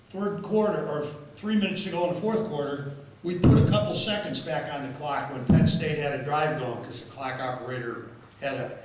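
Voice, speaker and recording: This older football official, invited as guest speaker, delivers an after-dinner talk in a fairly high voice, repeating words often and chuckling at his own stories. He's in a large members' dining room, heard from far off in an echoey hall, with a little hiss or hum.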